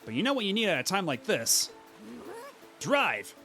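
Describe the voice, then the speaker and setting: A man's voice: sits high, huge pitch swings, normal speed, pushed and bright, faint music behind, exaggerated voice. A man voicing a sassy, cocky teen horse-girl rival from a game, brash and teasing. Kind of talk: reading game dialogue aloud.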